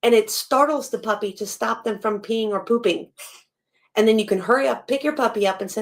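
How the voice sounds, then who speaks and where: A woman hosting a live stream, reacting to a podcast in blunt, animated casual talk and swearing freely. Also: a little high, brisk.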